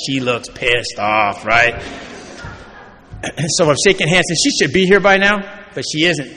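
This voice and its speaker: A man's voice: fairly high pitch, expressive, unhurried, sharp tone. A man from Oregon giving a personal recovery talk at a convention. He tells his story by acting out conversations and often checks in with the crowd by asking "right?". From Oregon, USA. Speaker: recovery meeting speaker. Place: large convention hall. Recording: long hall reverb, faint background noise.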